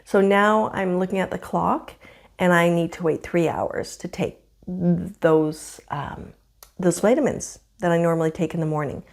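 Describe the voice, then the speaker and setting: A woman in her fifties talking candidly to camera at home in a casual vlog, with a slightly rough morning voice and frequent laughs. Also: on the low side, steady tone, unhurried. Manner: chatty and candid, laughs often. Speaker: vlogger. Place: home, indoors.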